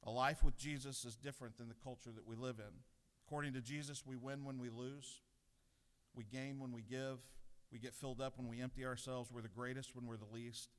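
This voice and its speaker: A man's voice: medium pitch, fairly even intonation, fairly quick. A middle-aged man gives an earnest devotional sermon at a podium, mixing self-deprecating stories with a spiritual challenge. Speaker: pastor giving a devotional. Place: large legislative chamber. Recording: long reverb in a large chamber.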